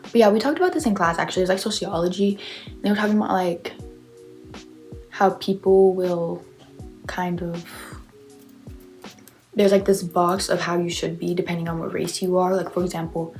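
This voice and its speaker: A woman's voice: fairly low pitch, fairly even intonation, normal speed, long pauses, a little mellow, faint music behind. A young woman casually reading online confessions aloud and reacting with chatty, sarcastic asides.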